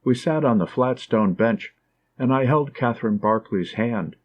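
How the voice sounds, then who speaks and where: A man reads an audiobook in a calm, measured voice. His pitch sits in the middle range. The recording is a little muffled and lo-fi. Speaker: audiobook narrator. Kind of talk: audiobook narration.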